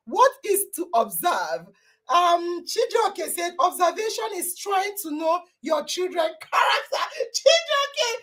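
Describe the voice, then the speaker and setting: High, lively woman hosting. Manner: exuberant, exclaiming and praising loudly. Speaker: podcast host. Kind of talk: live online talk show with quiz questions.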